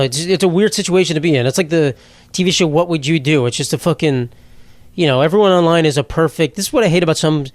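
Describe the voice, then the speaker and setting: Rambling, sarcastic young comedian, dry close sound. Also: male voice, on the high side, no room sound. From New York. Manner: rambling, sarcastic, swears freely, laughs at own jokes. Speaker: podcast host, comedian. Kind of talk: solo comedic podcast monologue.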